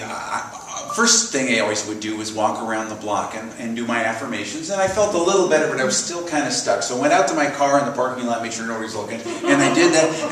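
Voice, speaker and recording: A man giving a sermon in a church, telling animated personal stories and leading the congregation in repeated affirmations. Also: mid-range voice. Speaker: minister. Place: church sanctuary. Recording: echoey hall from far off.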